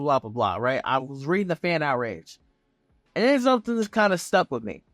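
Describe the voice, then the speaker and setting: A man talking as a vlogger, giving casual fan commentary in an excitable, profane, rambling way. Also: high-pitched, no room sound, clean studio sound. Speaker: wrestling vlogger.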